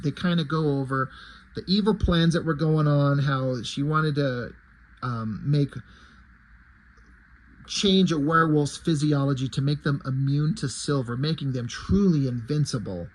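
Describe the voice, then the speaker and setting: A man retells a book's plot in a loose, rambling way, full of fillers and crude asides. His voice sits a little high for a man. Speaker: reader summarizing a book. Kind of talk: casual retelling of a story.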